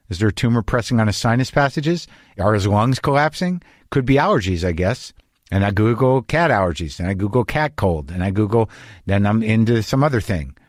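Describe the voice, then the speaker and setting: Speaking on the low side, this middle-aged man hosts a podcast from his home studio, opening with a deadpan comic monologue that's anxious, rambling and full of profanity before talking with a guest. There's no echo.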